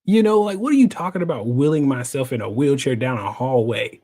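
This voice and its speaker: A man's voice: a little high, big pitch swings, brisk, hardly any pauses, darkish tone. A man in his thirties telling a personal story as a guest, joking and acting out the other people's voices. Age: 30s. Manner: jokey, acts out voices, laughs often. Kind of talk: animated storytelling.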